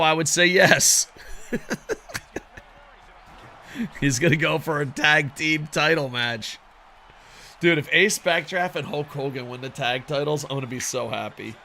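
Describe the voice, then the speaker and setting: A man calling a wrestling video game for his viewers, excitable and foul-mouthed, chatting to them as "boys." His voice sits a bit high and rings with a very sharp, tense edge. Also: measured pace, long pauses. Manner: excitable, heavily profane, addresses viewers as boys. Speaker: gaming commentator. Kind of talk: casual video game commentary.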